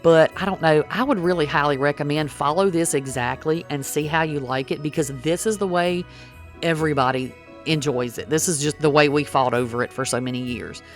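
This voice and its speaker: A woman's voice: deep voice, a little fast, faint music behind. A middle-aged woman, chatting folksily through a cooking demonstration and talking to viewers as y'all. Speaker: cooking vlogger.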